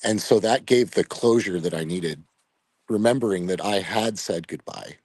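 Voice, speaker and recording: A middle-aged man with a deep, low voice tells a painful personal story as a podcast guest. He speaks reflectively, pausing and restarting with fillers as emotion rises. The sound is dry and close, with no room around it. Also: a little mellow, no room sound. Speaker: retired Air Force veteran guest.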